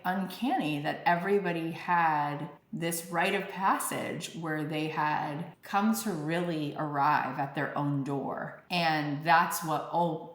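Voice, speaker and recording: A woman's voice: sits low, roomy sound. A woman guest on a podcast, effusive and reflective, talking with many likes and restarts. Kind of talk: casual interview chat.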